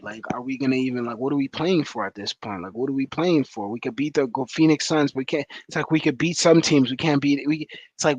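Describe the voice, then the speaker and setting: A man's voice: mid-range voice, brisk, hardly any pauses, no echo, lo-fi sound. A man giving a rambling, frustrated post-game reaction as a fan commentator, full of fillers.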